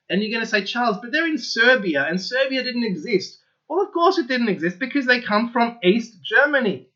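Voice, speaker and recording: The channel host is a high-voiced man who gets excitable and insistent as he airs his views in a solo monologue, repeating himself often. The audio quality is lo-fi.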